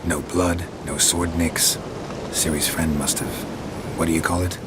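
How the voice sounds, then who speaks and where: A man's voice: little pitch movement, a little slow, heavy background noise. An actor voicing a laconic male witcher monster hunter in terse video game dialogue, with heavy rain in the background. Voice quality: very deep, terse. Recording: game audio with loud rain.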